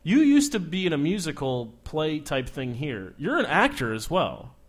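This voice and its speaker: A young man hosting a casual comedic interview, loud and teasing, joking at his guest. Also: fairly high pitch, huge pitch swings, moderate pace. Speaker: host.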